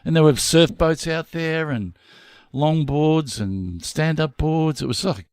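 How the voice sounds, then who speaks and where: A man's voice: fairly high pitch, slow, smooth, dry recording, studio quality. A middle-aged man, a podcast co-host, telling stories in casual chat from his home shed. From Australia. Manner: chatty, animated storyteller.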